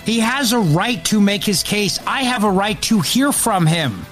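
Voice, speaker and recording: A man filling in as host of a political talk radio show, speaking emphatically and indignantly in quick bursts. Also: high-pitched, lively intonation, fairly bright tone, faint music behind.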